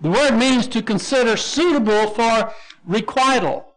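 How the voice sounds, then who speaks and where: A man's voice: very high voice, animated, measured pace, a bit bright. A man with a Texan accent teaching a Bible lesson as pastor, explaining Greek words step by step and spelling them out letter by letter. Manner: explains word by word, spells out Greek terms, frequent restarts.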